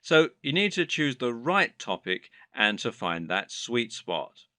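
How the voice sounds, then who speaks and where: A man giving scripted narration for an online course in a steady, explanatory lecturing manner. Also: mid-range voice, unhurried, dry recording, studio quality.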